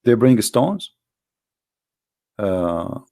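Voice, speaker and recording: A man's voice: fairly low pitch, big pitch swings, very slow, warm tone. A man with giving a combative religious talk, firing rhetorical questions in a mocking tone. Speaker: Christian apologetics presenter.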